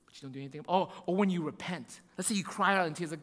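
A man preaching a sermon in an animated way, acting out voices and often asking "right?". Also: fairly high pitch, racing, big-room sound. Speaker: pastor.

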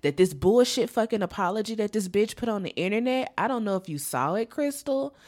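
A woman co-hosting a podcast, ranting in a sassy, profane, animated way about a reality show. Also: medium pitch, a little fast. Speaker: podcast co-host. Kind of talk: casual chat.

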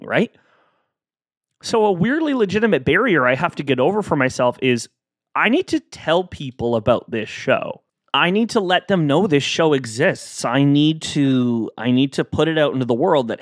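A man's voice: mid-range voice, no echo, clean studio sound. A man hosting a casual solo podcast, chatting playfully and acting out both sides of imagined exchanges.

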